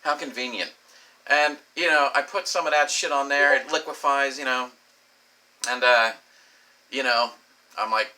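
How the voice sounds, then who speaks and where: A middle-aged man telling a crude personal story, animated and swearing freely. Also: mid-range voice, a little slow, long pauses. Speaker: comedic storyteller.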